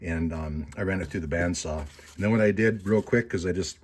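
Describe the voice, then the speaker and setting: A man's voice: low-pitched, a little fast. A man teaching taxidermy in a casual, rambling tutorial from his workshop, folksy and self-mocking. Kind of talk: casual how-to tutorial with jokes.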